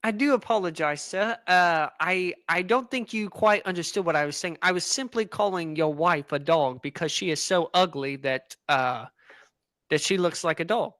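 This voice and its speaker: A man's voice: high voice, moderate pace, a bit bright, dry recording, studio quality. A man putting on a snooty British-Australian dog trainer. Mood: snooty, mock-polite. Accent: put-on British drifting to Australian. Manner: haughty, condescending, mock-polite. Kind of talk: improv comedy sketch.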